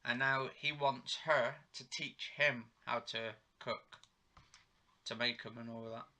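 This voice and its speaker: A man's voice: medium pitch, fairly even intonation, slow, bright, forceful tone. A man recapping a soap opera episode as he watches, rambling through the plot and retelling each line of dialogue. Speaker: TV episode reviewer. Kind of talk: live play-by-play recap while watching.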